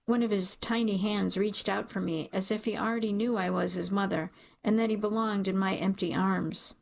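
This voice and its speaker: A woman reading an audiobook in the first person, measured and emotional in her storytelling. Her voice has a gravelly edge at a middling pitch. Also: fairly even intonation. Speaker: audiobook narrator.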